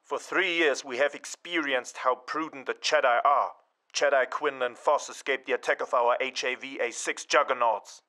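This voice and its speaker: A man voicing a stern, emotionless clone commander in a monotone for an audio drama. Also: mid-range voice, normal speed, close to an everyday voice. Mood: cold, flat.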